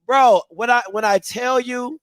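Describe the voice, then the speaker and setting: A man hosting a show in casual commentary, animated and full of repeated catchphrases. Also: very high voice, measured pace, clear, resonant tone, dry recording. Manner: animated, repeats catchphrases, bursts into loud laughter. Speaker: show host.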